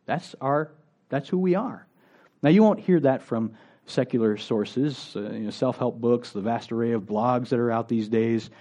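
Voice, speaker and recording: A man's voice: mid-range voice, normal speed, warm tone. A male pastor preaching a sermon in a conversational way, asking the congregation rhetorical questions.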